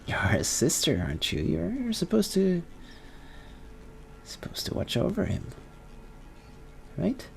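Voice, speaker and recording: Brief: possessive, reproachful mother, voiced by a man, gravelly, unhurried. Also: high voice, wildly swooping pitch, faint music behind, pitched above the performer's own voice, full character voice. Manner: soothing, then reproachful. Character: stern, clingy mother, soothing then demanding.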